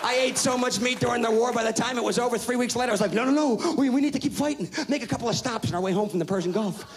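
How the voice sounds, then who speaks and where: On stage before a live audience, a stand-up comedian in his thirties rants loudly and profanely, mocking people in put-on voices. His pitch is extremely high, and he talks very fast. The live recording captures the audience.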